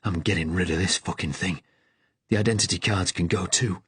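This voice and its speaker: Casting: a man doing a young Yorkshire lad, gruff and impatient, with a low, husky, hushed voice. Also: brisk, exaggerated voice. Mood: urgent. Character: young Yorkshire student, gruff, shaken but protective.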